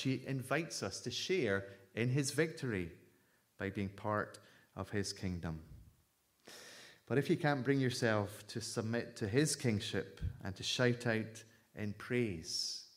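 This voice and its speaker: A man preaching a sermon in a measured, emphatic way, at times reading a story aloud. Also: on the low side.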